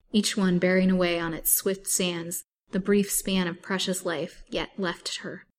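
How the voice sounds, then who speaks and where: A woman storyteller reading a classic novel aloud with steady, dramatic delivery. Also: on the low side, slight background noise.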